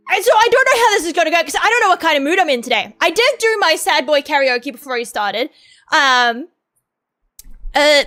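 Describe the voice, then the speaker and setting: A young woman streamer chatting casually, rambling through profane, excitable stories. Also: extremely high pitch. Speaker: VTuber streamer.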